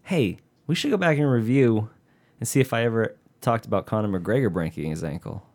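A man hosting a podcast in a relaxed, casual chat, his voice a bit low. He jokes, laughs often and swears freely, and he keeps it loose and easy-going throughout. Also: a little fast. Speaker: podcast host. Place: hot indoor room.

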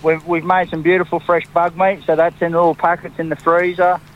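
A man's voice: on the high side, flat delivery, brisk. An Australian man who runs a seafood shop, chatting easily on the phone. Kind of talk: casual phone chat. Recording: dull phone line.

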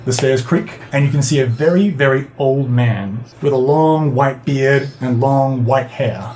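A man's voice: medium pitch, a little mellow, slight background noise. Man narrating as game master. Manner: measured descriptive storytelling.

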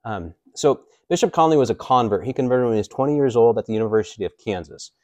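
A man's voice: mid-range voice, animated, fast, darkish tone, no room sound, lo-fi sound. Casual joking priest in his forties. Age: 40s. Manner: casual and joking, with many fillers. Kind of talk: teaching a catechism class.

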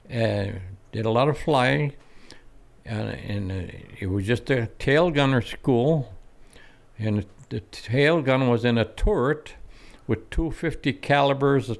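An older man telling a story from his youth, acting out the voices of the people in it. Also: mid-range voice. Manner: reminiscing, acts out quoted voices. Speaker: guest.

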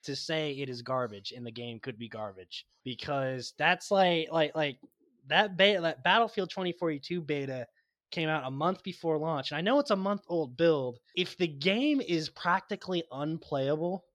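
Studio-quality audio with no room sound captures a podcast co-host speaking at normal speed in a somewhat high, slightly bright voice. Casual and giggly, he rambles through his stories and laughs frequently.

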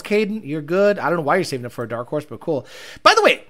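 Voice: medium pitch, sing-song, quick pace, a bit bright. A ranting, foul-mouthed livestream host. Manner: profane, ranting, mocking. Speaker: car tuning livestream host. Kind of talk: livestream chat, reading comments.

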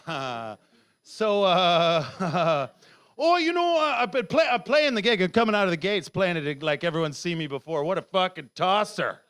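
A middle-aged man from Canada performs stand-up with an unusually high voice. He rambles, shouts lines for effect and laughs through his own bits. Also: sing-song, moderate pace, smooth. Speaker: stand-up comedian. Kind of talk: live stand-up set. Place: comedy club stage.

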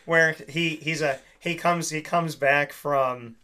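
A man's voice: on the high side, takes it slowly, smooth. A young man hosting a casual chat, rambling through stories and acting out the lines he quotes. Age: young adult. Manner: rambling, animated storyteller who acts out quoted lines.

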